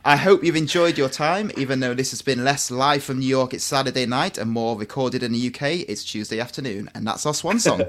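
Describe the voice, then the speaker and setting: A man's voice: medium pitch, a little fast, hardly any pauses, fairly bright tone. A man co-hosts a podcast in easy, casual chat. He jokes around and breaks into laughter partway through his sentences. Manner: jokey, laughs often mid-sentence. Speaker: podcast co-host.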